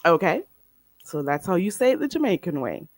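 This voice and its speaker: A woman's voice: fairly low pitch, sing-song, no echo, studio quality. A woman hosting a live stream, chatting casually with viewers and teasing them playfully while teaching them phrases. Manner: playful and teasing, drawn-out slow demonstrations. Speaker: livestream host teaching phrases.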